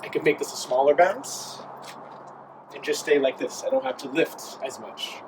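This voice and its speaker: A man teaching a dance step, explaining the moves and counting beats as he demonstrates them. His voice sits at an ordinary middle pitch. A clear layer of noise runs under the recording. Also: normal speed. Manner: counts steps aloud while dancing. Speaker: dance instructor. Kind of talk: dance tutorial while demonstrating.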